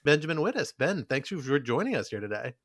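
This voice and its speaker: A man's voice: fairly high pitch, sing-song, fairly quick. A man co-hosting a podcast, chatting casually and joking, laughing as he talks. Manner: jokey, laughs while talking. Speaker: podcast co-host. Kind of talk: casual chat.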